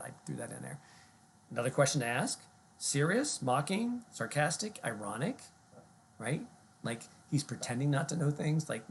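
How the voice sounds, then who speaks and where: A man's voice: medium pitch, a little hiss or hum. A man giving a recorded online lecture in a conversational way, with many ums and rhetorical questions.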